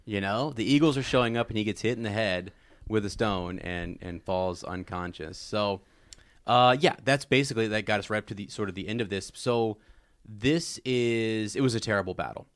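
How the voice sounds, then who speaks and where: Podcast co-host, male, low voice, loose rambly delivery, dry sound. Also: normal speed, no room sound. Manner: chatty, rambling, repeats words. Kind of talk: casual book discussion.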